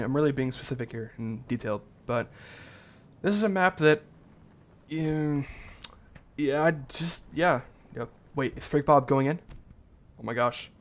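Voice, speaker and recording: Rambling casual male game caster, fairly high. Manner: casual, rambling, self-correcting. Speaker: esports caster. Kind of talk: live game commentary.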